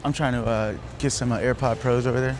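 A young man vlogging to camera, joking loudly and laughing often outside a store. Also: medium pitch, fairly even intonation, quick pace, over music. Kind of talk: prank vlog talk to camera. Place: outdoors by a store and parking lot.

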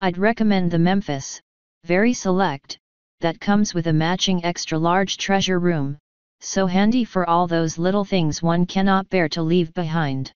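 A woman voicing an eager, pushy male pyramid salesman with fast-talking sales patter. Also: on the low side, fairly even intonation, darkish tone, clear, resonant tone, no echo, highs cut off, natural voice. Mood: salesy.

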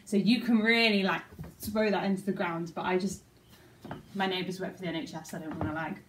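A woman's voice: on the low side, fairly even intonation, fairly quick, echoey room, far from the mic, noisy background. A young woman teaching a dance routine at home, counting and scatting the moves aloud. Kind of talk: talking through a dance routine. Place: top-floor flat.

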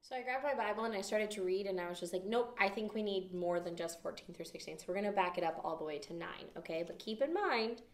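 A woman leads a children's Bible lesson, playful and expressive, often asking the kids questions. Her voice sits in the middle range. She is picked up from some distance, with noticeable room echo around her. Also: medium pitch, fast, few pauses. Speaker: children's ministry teacher. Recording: echoey room, mic at a distance.

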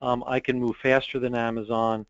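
A man's voice: medium pitch, little pitch movement, moderate pace, no echo, muffled recording. A man who owns an online store, talking directly and confidently as a guest in a business interview, with frequent ums. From United States.

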